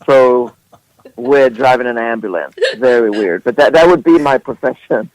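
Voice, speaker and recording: A man's voice: medium pitch, moderate pace, crowd noise, poor audio. A man whose first language is Swedish, a musician guest on an internet radio interview, talking playfully with fillers and frequent laughs.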